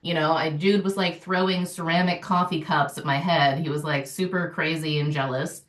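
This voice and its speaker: A middle-aged woman talking as a podcast guest, an animated storyteller who laughs often. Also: low voice, normal speed, echoey room, far from the mic. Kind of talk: casual podcast conversation.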